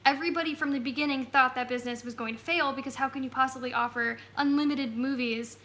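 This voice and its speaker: A woman's voice: high voice, steady tone, fast, fairly bright tone, a little hiss or hum. A woman hosting a casual travel live stream from home on a phone, bubbly and giggly. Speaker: travel vlog host.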